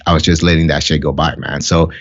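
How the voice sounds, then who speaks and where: A middle-aged man with a very low, deep voice tells a raw personal story on a podcast. He talks bluntly and swears freely, earnest and heartfelt. The sound is a bit dull and lo-fi. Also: fairly even intonation, quick pace. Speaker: podcast guest. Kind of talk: candid casual conversation.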